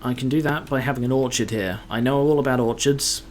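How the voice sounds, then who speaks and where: A man's voice: medium pitch, a little fast, a little mellow. A man talks his way through a game in a mid-range voice, muttering complaints and dropping casual swears as he plays. It is loose, self-directed commentary. A faint hiss of background noise sits under the voice. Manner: grumbling, sweary, muttering to himself. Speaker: gameplay commentator.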